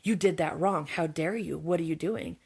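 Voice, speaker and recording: A woman acting out a manipulative older woman who runs a clinic, swinging between gushing flattery and scolding. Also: fairly low pitch, brisk, vocal fry.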